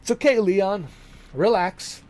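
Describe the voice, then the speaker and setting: A man's voice: high-pitched, slow, darkish tone. A man streaming a video game, chatting casually and joking with his viewers, laughing often. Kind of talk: casual live-stream commentary.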